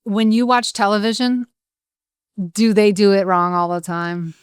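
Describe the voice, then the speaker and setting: A woman hosts a casual interview and teases her guest as she asks questions. Her voice is smooth and clear. The sound is dry and close to the mic. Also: medium pitch, a little slow, dry recording. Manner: playful, teasing interviewer. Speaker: podcast host.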